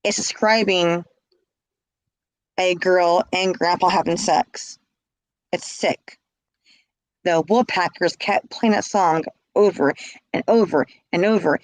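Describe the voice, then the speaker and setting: A woman's voice: on the low side, dry recording, rough recording. A woman telling her own story in casual speech, blunt and emphatic, often repeating words.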